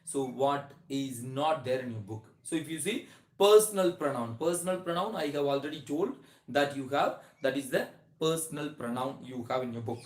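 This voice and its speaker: A man's voice: mid-range voice, darkish tone. A man teaching a grammar lesson, starting many sentences with "so", restarting phrases and drawing out his example words. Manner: explains slowly with many "so" openers and restarts, stretches example words. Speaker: English teacher. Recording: echoey room.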